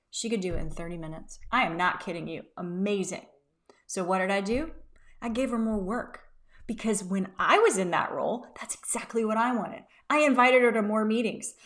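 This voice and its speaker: A woman in her thirties, a business coach talking casually to camera, telling workplace stories with emphatic, animated asides. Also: medium pitch.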